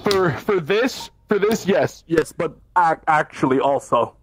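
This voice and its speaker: Higher-voiced gamer man who scolds friends. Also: expressive, noisy background. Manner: quick to scold, repeats himself. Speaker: VRChat player. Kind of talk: casual gaming banter.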